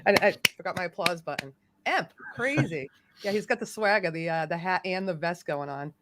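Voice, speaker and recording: A woman hosting a casual live-stream chat, talkative, playful and quick to tease herself. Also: fairly low pitch, lively intonation, fairly bright tone. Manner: chatty, playful and self-teasing. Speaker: host.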